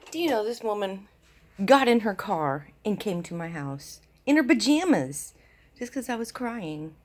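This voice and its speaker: A woman's voice: medium pitch, big pitch swings, measured pace, long pauses, darkish tone. Chatty gushing woman vlogging at home. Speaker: vlogger and mother. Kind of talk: casual home vlog chat.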